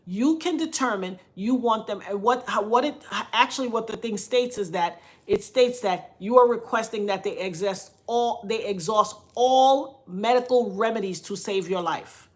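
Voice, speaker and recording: A woman's voice: a little high, moderate pace, hardly any pauses. A middle-aged woman talking casually on her vlog, emphatic and preachy, often dropping into quoted voices. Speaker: vlogger.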